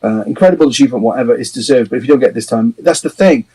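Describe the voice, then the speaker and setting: A man's voice: medium pitch, racing, mellow, breathy edge, poor audio. A man from a band, chatting casually on a livestream, rambling, laughing often and swearing a little. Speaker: band member hosting a livestream. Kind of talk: casual chat.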